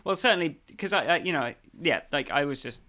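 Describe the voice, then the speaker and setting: A man talking on a podcast in a loose, rambling way, stopping and restarting his sentences. His voice sits a little high for a man and rings bright and forceful. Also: lively intonation, brisk. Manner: rambling, hesitant, lots of fillers and restarts. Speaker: podcast co-host. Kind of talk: casual conversation.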